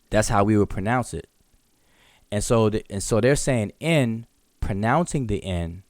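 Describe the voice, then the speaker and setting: A man's voice: fairly low pitch, moderate pace, darkish tone, no echo, clean studio sound. A man teaching in a live online question session, explaining patiently, repeating and restarting words and sounding out examples. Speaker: hieroglyphics teacher.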